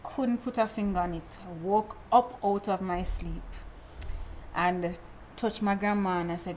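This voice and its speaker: Animated woman telling a story. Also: mid-range voice, unhurried, slight background noise, low-quality recording. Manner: animated storyteller, repeats phrases. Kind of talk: casual storytelling chat.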